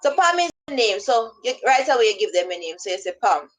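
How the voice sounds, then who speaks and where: A vlogger talks casually about how to spot scammers, rambling and playing both sides of phone calls. Her voice is a little high and sing-song, she talks fast, and the recording is low quality.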